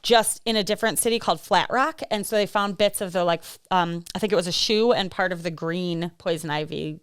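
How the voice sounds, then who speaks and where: Woman rambling thru a true crime story on a podcast, laughs a lot, smooth voice, dry sound. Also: fairly low pitch, a little fast, no echo. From American Midwest. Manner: rambling and chatty, laughs often, many fillers. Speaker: podcast co-host. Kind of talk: casual true-crime chat.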